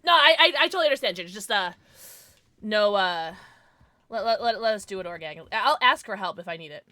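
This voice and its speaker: Lively, bright-voiced young woman streamer. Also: mid-range voice, fast, no room sound. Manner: jumpy, screams at scares, chatty with viewers. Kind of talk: live gameplay commentary.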